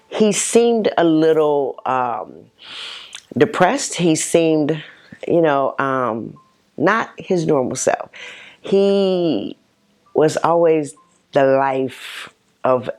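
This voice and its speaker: A middle-aged woman, a mother, giving a halting personal testimony full of pauses and restarts. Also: extremely low pitch. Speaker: mother telling her personal story.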